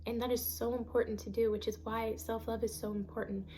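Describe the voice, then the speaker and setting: A woman's voice: fairly high pitch, level tone, fairly quick, dark tone. A woman giving an earnest, emphatic self-help talk on a vlog, repeating phrases for stress. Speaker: vlogger.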